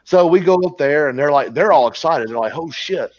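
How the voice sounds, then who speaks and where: A man's voice: on the high side, expressive, a little fast, darkish tone. Male host, casual crude storytelling, rambling delivery, dull lo-fi recording. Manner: rambling, crude, laughing at his own story. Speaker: podcast host telling a story. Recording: dull lo-fi sound, dry.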